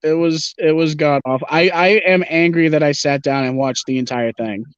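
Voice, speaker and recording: A man's voice: on the high side, moderate pace, smooth. A man rambling through wrestling opinions on a video call, talking casually and swearing. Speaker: livestream co-host. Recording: dull lo-fi call audio.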